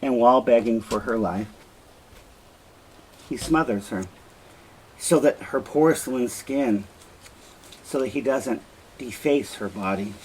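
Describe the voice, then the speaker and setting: A man's voice: medium pitch, a little slow, pauses often, darkish tone, slight background noise, rough recording. An older man walks a class through a play in a lesson, speaking earnestly and plainly. His voice sits in a middle register. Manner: earnest explaining, quotes with feeling. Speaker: teacher. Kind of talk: literature lesson.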